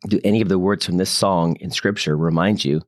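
A man co-hosting a casual Bible study discussion, telling anecdotes in an earnest, animated way. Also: low-pitched, fairly quick, no room sound, clean studio sound. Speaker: church co-host.

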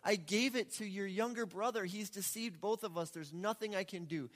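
A man's voice: high voice, normal speed, big-room sound, close to an everyday voice. A man acting out an old, blind father who apologetically turns down his son, in a sermon retelling. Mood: regretful.

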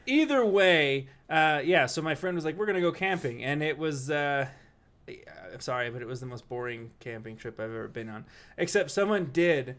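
A man telling a funny story in casual podcast chat, animated and laughing as he goes. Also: medium pitch, brisk. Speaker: podcast co-host.

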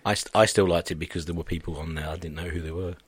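A man's voice: sits low, fairly even intonation, very fast, slightly rough, no echo. A man hosting a casual podcast chat, rambling, swearing and laughing often.

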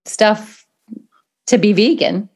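A woman co-hosting a casual chat about a baking show, chatty and quick to laugh, often adding personal asides. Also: mid-range voice, darkish tone, breathy edge. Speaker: podcast co-host.

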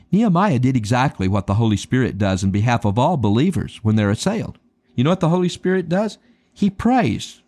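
A man preaching a sermon, emphatic and dramatic, slowing down to stress key words and calling his listeners beloved. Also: medium pitch, a little mellow, dry recording. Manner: addresses listeners as beloved and friends.

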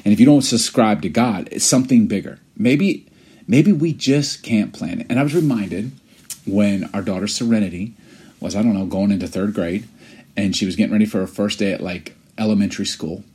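A man's voice: on the low side, brisk, warm tone, breathy edge. A man in his forties co-hosting a podcast, telling stories in an earnest, reflective way. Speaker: podcast co-host. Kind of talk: casual chat.

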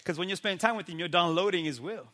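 A man who is a pastor giving a casual faith talk, animated and always checking in with "right?". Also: sits high, fast. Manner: animated, keeps asking "right?" and acts out quoted people.

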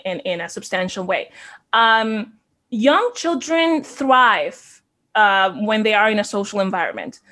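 A woman's voice: medium pitch, fairly bright tone. A woman from the Dominican Republic, a child care center owner in her thirties, speaking earnestly and reflectively as an interview guest. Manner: earnest, reflective, repeats words when starting. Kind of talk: conversational interview.

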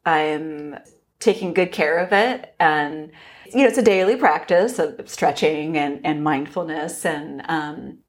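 A woman's voice: deep voice, measured pace. A woman in her forties, a podcast guest telling stories in casual chat, acting out her own reactions and laughing often. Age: 40s.

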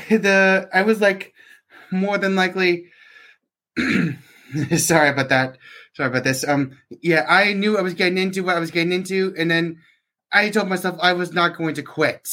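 A young man talking as a podcast guest in a casual interview, hesitant and halting, with many restarts and "like". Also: high-pitched, sharp tone. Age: young adult.

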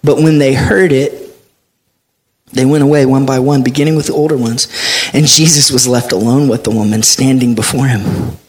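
A male pastor preaching a sermon, reading scripture aloud with animated delivery. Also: medium pitch, moderate pace.

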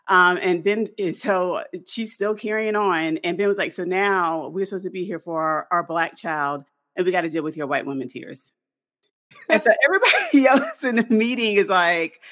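A woman co-hosting a podcast, telling a story in casual chat with lots of fillers. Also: on the low side. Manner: animated storytelling with many fillers. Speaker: podcast co-host.

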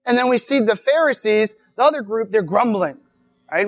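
A woman's voice: fairly high pitch, lively intonation, normal speed, soft background music. A woman giving a conversational sermon at a weekend retreat, repeating words as she goes and often asking "right?". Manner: casual, repeats words, asks rhetorical questions. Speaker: speaker at a weekend church retreat.

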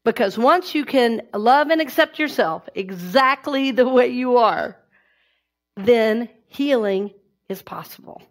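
A woman's voice: fairly high pitch, expressive, slow. Woman preaching in a conversational way. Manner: warm, conversational preaching with affirmations. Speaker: minister. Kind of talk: sermon.

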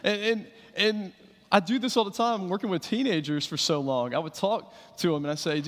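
A man's voice: high-pitched, normal speed. A man preaching a sermon, talking conversationally with fillers and restarts as he tells stories. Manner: conversational storytelling with fillers and repeated starts. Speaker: pastor. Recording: reverberant hall.

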